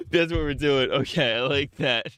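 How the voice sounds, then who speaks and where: Smooth-voiced man muttering crude lyric drafts. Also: fairly high pitch, pushed and bright, no room sound. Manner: crude, jokey, mutters to himself, then half-sings lines. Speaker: streamer. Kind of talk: casual live-stream talk, drafting parody song lyrics.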